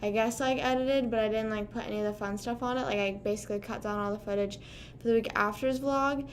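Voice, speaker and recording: A woman's voice: a little high, steady tone, fast, slight background noise. A young woman under twenty-one chatting casually on a live stream, rambling with lots of fillers. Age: young adult.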